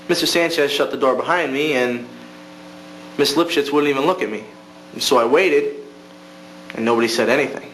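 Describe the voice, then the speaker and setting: A young man performing an amateur monologue as a student, telling a story in a halting, wistful way with restarts. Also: fairly high pitch, a bit bright. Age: young adult. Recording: echoey room with faint hum.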